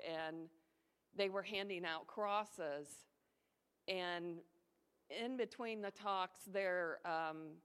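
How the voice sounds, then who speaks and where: A woman with a lower, smooth and resonant voice tells a testimony story. She speaks in a conversational way and acts out the voices of the people she quotes. A long reverb hangs behind her, as in a large hall. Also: fairly bright tone. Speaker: ministry volunteer sharing a testimony.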